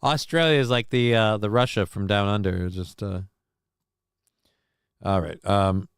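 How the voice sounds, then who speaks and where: A man's voice: lowish voice, steady tone, measured pace, creaky, clear, resonant tone, no echo. A man hosting a casual live-stream talk show, rambling and sardonic with many fillers and restarts, on a close mic.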